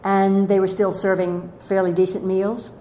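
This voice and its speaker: An older woman telling a reflective spiritual story slowly and gently, her voice often trailing off softly. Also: little pitch movement. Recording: echoey room with faint rumble.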